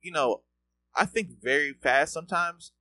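A man co-hosting a podcast in casual chat, talking quickly and with lots of swearing, often repeating words as he gets going. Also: fairly high pitch. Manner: fast, profane, repeats words when excited. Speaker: podcast co-host.

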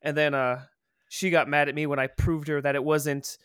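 Swearing, animated man on a podcast. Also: a little high, moderate pace, clean tone, no echo, studio quality. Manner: profane, animated storytelling. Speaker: podcast co-host. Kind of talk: casual chat.

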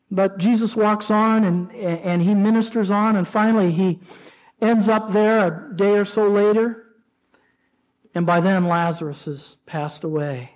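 High-voiced male pastor preaching. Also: fairly even intonation, rough recording. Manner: preaching with rising emotional pleas and dramatic pauses. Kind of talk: sermon.

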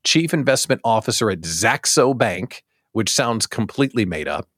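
A man hosting a daily live show for small business owners, talking in a jokey, animated way with self-deprecating asides. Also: fairly low pitch, normal speed, dry recording, studio quality. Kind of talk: casual live-show monologue.

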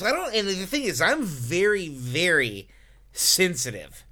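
A man with a bright, slightly higher voice, trading jokes with friends over dinner. His delivery swings widely in pitch and stays playful throughout. The sound is clean and close. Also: measured pace. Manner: joking, playful, animated. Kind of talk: casual banter at a dinner table.

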